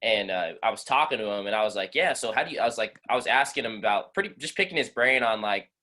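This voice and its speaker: A man co-hosting a casual podcast, telling a story in a relaxed, halting way with fillers. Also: on the low side. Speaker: podcast co-host.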